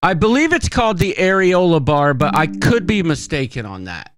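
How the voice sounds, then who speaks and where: Give me a man chatting as a podcast host, full of ums and likes, very expressive pitch. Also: normal speed, no room sound. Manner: rambling storyteller, many fillers. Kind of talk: casual chat.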